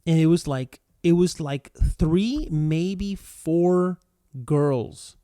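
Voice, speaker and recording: Male podcast co-host, slightly high voice, rambling casual talker, dry close mic. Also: very slow, mellow, clean tone, no echo. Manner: rambling, laughing, lots of fillers. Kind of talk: casual chat.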